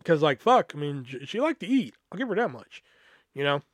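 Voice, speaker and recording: A man's voice, pitched a little high for a guy, spins a loose personal story into a podcast mic. He swears constantly and trails off into fillers and restarts. The sound is close and dry, with no room around it. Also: very animated, brisk, no room sound. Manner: rambling, profane, filler-heavy. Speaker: podcast host. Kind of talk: casual storytelling monologue.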